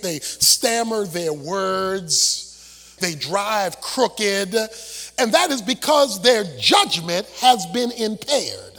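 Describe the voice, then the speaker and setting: A middle-aged male pastor preaching a sermon with an impassioned, shouting, half-sung cadence. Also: high voice, slightly rough. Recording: long hall reverb, faint music.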